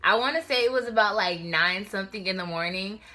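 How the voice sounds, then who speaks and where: A young woman telling a storytime vlog in an animated, slangy way, talking straight to her viewers. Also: mid-range voice, a little fast. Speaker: vlogger.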